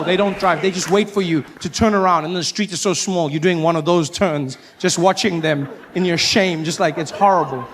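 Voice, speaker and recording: A male stand-up comedian tells his story with plenty of animation and bursts into sudden shouts. His voice sits high for a man. A faint hiss lies underneath. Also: moderate pace, hardly any pauses.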